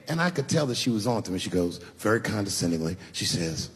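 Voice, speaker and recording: A man doing stand-up on stage, telling stories in an animated, punchy way into a handheld mic. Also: fairly high pitch, fast talker, few pauses, breathy edge. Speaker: stand-up comedian. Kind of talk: stand-up comedy. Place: stage in front of a crowd. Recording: long hall reverb.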